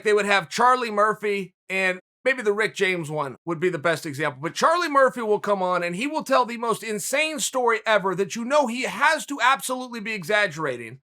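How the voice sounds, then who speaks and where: High, bright-voiced male host. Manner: animated storytelling, conversational asides. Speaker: podcast host. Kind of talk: casual commentary monologue.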